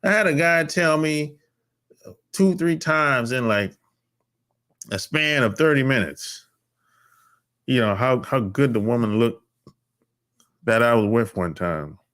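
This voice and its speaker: A man's voice: takes it slowly, pauses often, a bit bright. A man hosting a podcast, talking bluntly and emphatically, with a lot of profanity. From North America. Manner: blunt, profane and emphatic, with sudden pitch jumps. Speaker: podcast host. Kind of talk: casual monologue.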